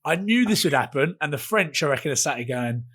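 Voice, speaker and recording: Animated, swearing man. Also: fairly high pitch, a little fast, husky. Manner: animated, swearing, mimics voices in quotes. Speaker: podcast co-host. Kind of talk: casual rugby chat.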